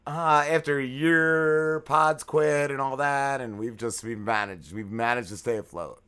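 A man's voice: mid-range voice, measured pace, a bit bright, clean tone. A man co-hosting a podcast, chatting loosely and laughing easily with a guest. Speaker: podcast co-host. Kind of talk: casual podcast chat.

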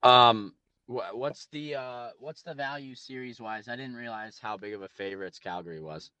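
A man co-hosting a podcast, talking excitedly about hockey and often restarting his sentences. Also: medium pitch, normal speed, clean tone, dry recording. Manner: excitable, repeats himself with restarts. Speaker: podcast co-host. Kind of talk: casual sports chat.

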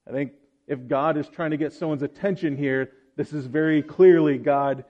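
A man gives a sermon in a church hall, reading scripture and then talking in a relaxed, conversational way. His voice sits a bit high for a man. The recording is dull and lo-fi. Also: moderate pace. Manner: relaxed, conversational, joking aside. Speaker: preacher.

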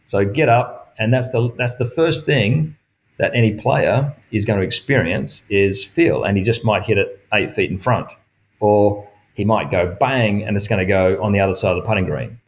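A middle-aged man, a golf professional telling stories in casual chat, lively and often laughing as he acts out what others said. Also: fairly low pitch, moderate pace. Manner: animated, acts out quoted dialogue, laughs often.

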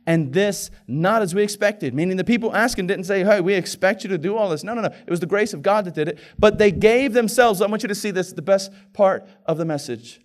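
A man pastor preaching a sermon in a conversational way, dropping to hushed pleading and climbing to loud, excited passages. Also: sits high, a little fast, few pauses. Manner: conversational, with filler and repeated words.

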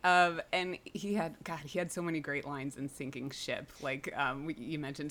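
Woman podcast host, lower voice, laughs a lot, loose casual chat. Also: steady tone, normal speed, few pauses, fairly bright tone, a little hiss or hum. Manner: giggly, frequent laughs and fillers.

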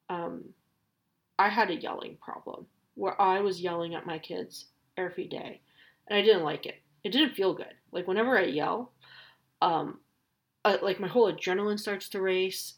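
Chatty woman with a lowish voice. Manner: chatty, many fillers and self-corrections. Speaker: parent sharing advice. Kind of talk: casual monologue.

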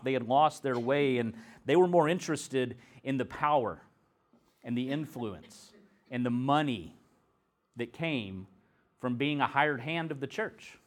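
A man preaching a sermon, reading scripture and then telling a story in an earnest, conversational way. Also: mid-range voice. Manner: earnest storytelling, some restarts.

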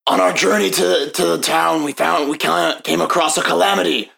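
A man's voice: fairly high pitch, steady tone, normal speed, creaky, pushed and bright, exaggerated voice. A man playing an earnest male adventurer in a tabletop game, speaking in stiff, formal phrases. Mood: solemn.

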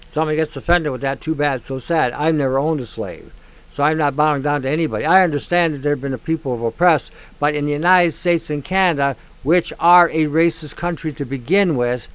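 In an opinionated monologue, a male show host rants bluntly, circling back over the same points and cursing without restraint. His voice is on the high side and smooth, recorded with no room sound.

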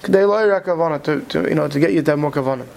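A man teaching a study class, talking quickly and checking in with "right?" as he explains. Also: a little high, vocal fry, a little mellow. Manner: quick, mixes Hebrew terms into English, many "right?" checks. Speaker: Torah teacher. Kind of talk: Talmudic study lecture.

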